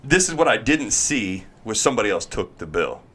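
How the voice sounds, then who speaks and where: Low-voiced man telling an animated story. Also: fairly quick, slight background noise. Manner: animated, acts out quoted voices, laughs while telling. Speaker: guest, MLB pitcher. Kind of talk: casual storytelling.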